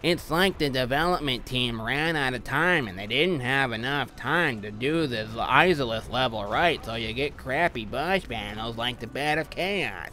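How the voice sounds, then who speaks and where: A man's voice: mid-range voice, animated, a little slow, hardly any pauses, bright, forceful tone, a little hiss or hum. A man voicing a prim, wholesome male gamer who talks in a fussy, overly polite way, as a mocking parody. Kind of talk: parody of a bland gameplay commentator.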